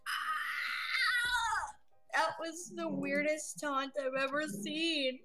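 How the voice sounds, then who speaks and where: Brief: excitable, teasing woman on a headset, high voice, game music behind. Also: low-quality recording. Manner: teasing, excitable, quick to shriek. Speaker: streamer. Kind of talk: casual voice chat while gaming.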